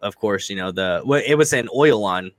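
A man's voice: on the low side, lively intonation, normal speed, no echo. A man hosting a casual interview, asking chatty follow-up questions and reacting with sympathy. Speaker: podcast host.

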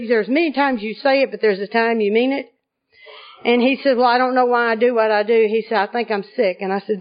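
A woman from Arkansas, telling a funny personal story to an audience in a lively comic way. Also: high-pitched, lo-fi sound. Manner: lively comic delivery, often laughing. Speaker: speaker at a recovery conference.

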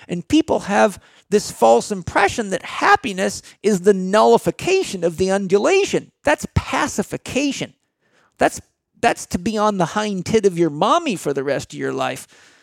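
A man's voice: sits high, gravelly, dry recording, clean studio sound. A middle-aged man speaking as a guest in a blunt, emphatic motivational talk.

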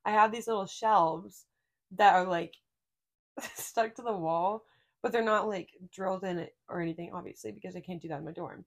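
A woman's voice: medium pitch, moderate pace. Rambling young woman podcast co-host. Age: young adult. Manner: rambling storyteller, many fillers and laughs. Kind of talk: casual chat.

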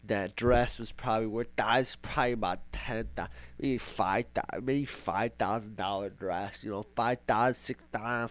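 A young man hosts a podcast in a loose, rambling monologue, circling back with sarcastic repetition. His voice sits low and resonant. The recording is dry and close. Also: fairly even intonation, measured pace, hardly any pauses, no room sound. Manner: rambling, sarcastic, repeats himself for effect. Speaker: podcast host. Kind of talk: casual monologue.

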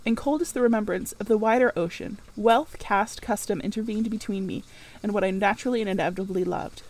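A woman reading a classic novel aloud as narrator, in a measured, earnest way. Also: mid-range voice, darkish tone, poor audio. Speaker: audiobook narrator. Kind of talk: scripted narration.

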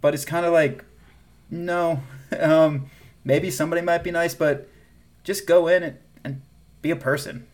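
A Southern-accented man co-hosting a casual podcast. He talks in an animated way, laughs often, and trails off and restarts as he goes. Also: on the high side, a little slow, long pauses. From American South. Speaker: podcast co-host. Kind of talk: casual chat.

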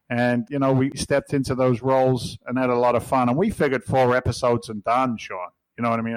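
A man's voice: medium pitch, clean tone, no echo, low-quality recording. A middle-aged man with an English accent, a podcast guest telling stories in a blunt, jokey, swearing way. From England. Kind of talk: casual storytelling.

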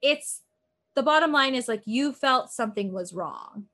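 A woman's voice: on the high side, lively intonation, normal speed, fairly bright tone. Rambling chatty woman retelling a story. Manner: rambling, heavy use of "like", acts out quotes. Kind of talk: casual chat, retelling a true-crime show.

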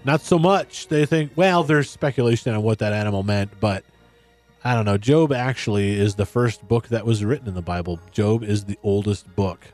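A man's voice: lowish voice, normal speed, darkish tone, faint music behind. A middle-aged man hosting a casual group chat, teasing and playful. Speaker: podcast host.

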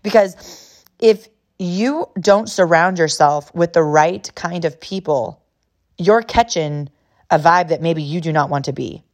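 A woman in her thirties from California hosts a podcast, earnestly sharing an emotional personal story and often repeating herself. Her voice is fairly low, a little slow, and slightly mellow.

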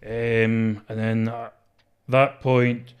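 Shy deep-voiced Scottish man. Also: flat delivery, very slow, smooth. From Scotland. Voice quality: deep, strong voice. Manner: shy, hesitant, many fillers. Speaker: interview guest. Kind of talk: casual interview.

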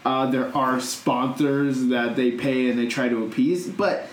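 A man's voice: medium pitch, steady tone, measured pace. A man co-hosting a casual gaming chat, rambling with lots of fillers. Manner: rambling, with many fillers such as like and uh. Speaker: podcast co-host. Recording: echoey room, faint noise.

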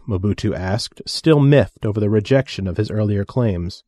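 A man narrates an audiobook story in a steady, measured way. His voice is mellow and dark, recorded dry and close. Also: lowish voice, dry recording.

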